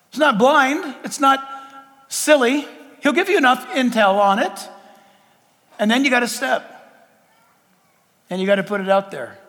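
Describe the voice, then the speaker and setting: A man preaches with a high, lively voice that leaps around as he acts out conversations. His delivery is animated and storytelling-driven. The sound carries a long reverb, as in a large hall. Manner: animated storytelling, acting out dialogue with God. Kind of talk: sermon.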